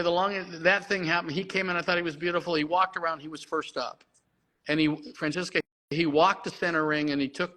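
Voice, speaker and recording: A middle-aged man with a slightly high, bright, forceful voice tells an animated story. He talks in an excited rush and keeps restarting his sentences. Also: poor audio. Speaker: horse breeder guest.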